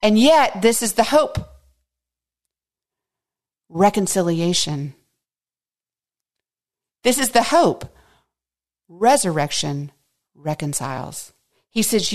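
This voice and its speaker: A woman teaching a Bible study in an expressive way, dropping to hushed asides and rising to high, emphatic bursts. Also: slow, pauses often.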